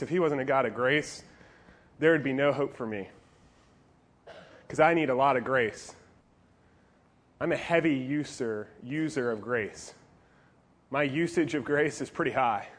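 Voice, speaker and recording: A male pastor preaching to teenagers in an animated, jokey style with playful asides. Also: mid-range voice, a little slow, long pauses. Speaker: youth pastor. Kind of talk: youth sermon.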